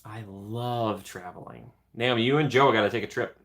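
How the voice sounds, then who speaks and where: A man with a slightly low-pitched voice hosts a casual livestream. He chats easily, reads viewer comments and answers them, and he sounds like he is speaking into a home streaming mic. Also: moderate pace, fairly bright tone. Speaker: livestream host.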